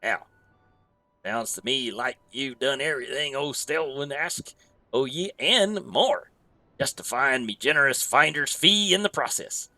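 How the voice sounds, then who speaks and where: Man playing a slow-talking, wry pirate innkeeper with a bright, clear voice, game dialogue read aloud in sea-dog dialect. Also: medium pitch, animated, no room sound, soft background music, full character voice. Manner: old sea-dog dialect, drawn-out reading. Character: gruff male pirate innkeeper, wry and scheming.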